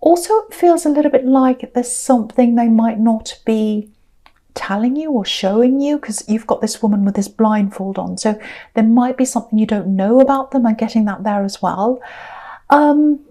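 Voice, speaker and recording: A woman's voice: on the high side, moderate pace, dark tone. A woman giving a casual tarot reading, chatty and searching, often repeating herself as she works out the cards. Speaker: tarot reader.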